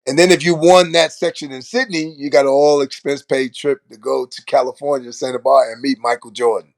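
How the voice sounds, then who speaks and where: An older man from Brooklyn, New York, a former basketball player and coach, telling animated stories in a casual interview and often acting out what people said. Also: mid-range voice, a little fast, gravelly, dry recording. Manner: animated storyteller who acts out quoted lines and laughs often.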